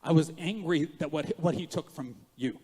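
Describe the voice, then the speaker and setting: A man with a husky voice on the high side preaches a passionate sermon at normal speed in a church sanctuary that sounds like a big hall. His animated delivery swings from quiet asides to loud, emphatic rises, with jokey, self-mocking remarks along the way.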